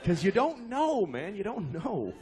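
Male comic, 40s, high and very animated delivery, profane exasperated rant. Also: a little slow, a crowd in the background, background noise. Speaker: stand-up comedian. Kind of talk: stand-up comedy routine.

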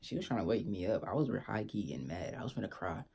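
A young man tells a storytime on his vlog in loose, slangy talk. His voice sits low and gravelly, with a husky edge, and he keeps checking in with his listeners as he goes. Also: sing-song, fast talker, darkish tone. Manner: laid-back slangy storytelling, keeps asking "you feel me". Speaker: vlogger.

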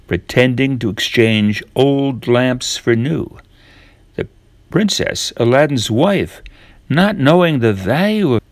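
An older man reading a fairy tale aloud to children in a gentle, measured way. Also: medium pitch, no room sound. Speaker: storyteller.

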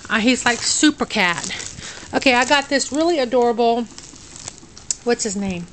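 A middle-aged woman talks through an unboxing in a dim room at home, her voice sitting a little high. She sounds drowsy and sluggish, stumbling over her words now and then, and a faint hiss runs under the recording. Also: animated, moderate pace, a bit bright, poor audio. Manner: drowsy, sluggish and tongue-tied. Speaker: vlogger unboxing a craft package. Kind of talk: casual unboxing chat.

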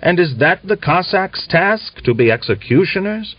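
A man's voice: sits high, sing-song, moderate pace, husky, dry recording, voice pushed up, full character voice. A man putting on an indignant, pious old peasant wife, her voice lifted above his own. She talks in a challenging way, on a dull, dry, lo-fi audiobook recording.

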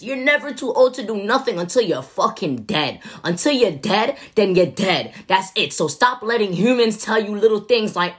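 A woman's voice: mid-range voice, very animated, moderate pace, few pauses, husky. A woman giving an emphatic, slangy motivational talk, cursing freely as she urges listeners on. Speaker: motivational speaker.

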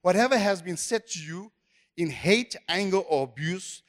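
High-voiced preacher in echoey hall. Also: male voice, expressive, normal speed. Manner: emphatic, repetitive preaching. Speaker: pastor. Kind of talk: sermon. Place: church hall.

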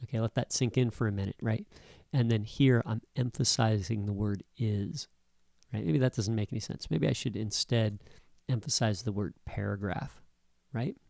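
A man's voice: lowish voice, normal speed, vocal fry, darkish tone, no echo. A man giving a casual screen-recorded coding lesson, checking in with "right?" and "okay?" as he explains. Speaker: instructor.

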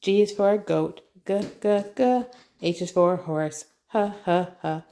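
A mother reads through an alphabet workbook with her child, spelling each word out letter by letter. Her voice sits a little low and carries a gravelly edge, and she takes her time, repeating back whatever the child prompts. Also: unhurried, mellow.

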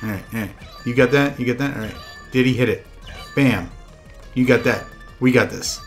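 A young man streaming a party video game with friends, chatting casually and breaking into loud, profane outbursts at the game. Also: medium pitch, moderate pace, faint music behind. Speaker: VTuber streamer.

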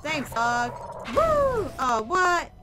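A woman casually commentating her gameplay, excitable and playful, whooping and using slang. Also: high voice, very slow, heavy background noise. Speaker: let's play gamer.

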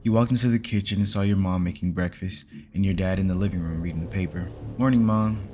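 Deep-voiced man reading a story aloud. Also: steady tone, fast talker, warm tone, slight background noise. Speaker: story reader. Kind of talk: reading fan fiction aloud.

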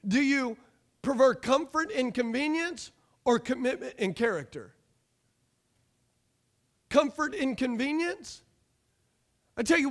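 A pastor with a very high voice preaches a lively sermon to his congregation, mixing in rhetorical questions, asides and jokes.

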